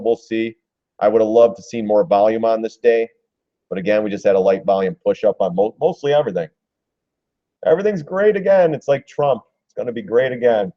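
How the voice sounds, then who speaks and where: A man's voice: fairly low pitch, dark tone, no room sound. A man hosting a live stream as a stock trader, giving casual market commentary in a chatty, joking way with frequent restarts. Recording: dull, lo-fi, dry stream audio.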